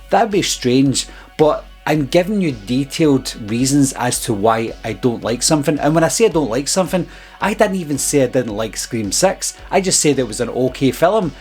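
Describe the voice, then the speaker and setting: A man's voice: medium pitch, animated, brisk, a little mellow. A man speaking as a film-review YouTuber, giving an earnest, exasperated casual commentary about his critics. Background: faint background music.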